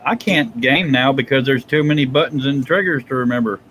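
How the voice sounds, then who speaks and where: A man's voice: medium pitch, a little fast, fairly bright tone, a little hiss or hum, low-quality recording. A man co-hosting a live stream in casual chat, wisecracking and teasing.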